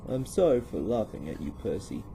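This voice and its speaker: A man's voice: lowish voice, big pitch swings, moderate pace, vocal fry, mellow, a little hiss or hum. A man voicing a polite male engine with a mild, earnest manner.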